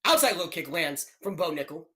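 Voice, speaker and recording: Excitable bright-voiced young man calling fights. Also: a little high, normal speed. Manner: excitable, jokey, swings to loud outbursts. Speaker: live stream commentator. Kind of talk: joking play-by-play commentary.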